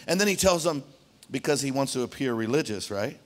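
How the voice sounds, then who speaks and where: Animated conversational male pastor. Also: mid-range voice, fairly quick. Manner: conversational, animated, frequent "right?" asides. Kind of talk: sermon. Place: church.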